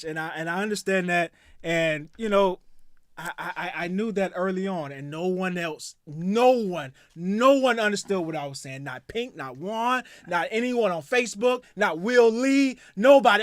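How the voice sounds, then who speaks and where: High-voiced man ranting about sports. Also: lively intonation, moderate pace, no room sound, studio quality. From United States. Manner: profane heated rant. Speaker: podcast co-host. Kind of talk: casual sports podcast chat and rant.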